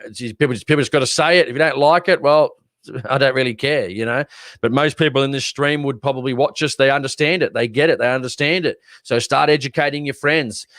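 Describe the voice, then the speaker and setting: A man's voice: mid-range voice, a bit bright, no echo, studio quality. An Australian man co-hosting a livestream podcast, ranting bluntly and repeating words when worked up. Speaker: podcast co-host. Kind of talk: casual livestream chat.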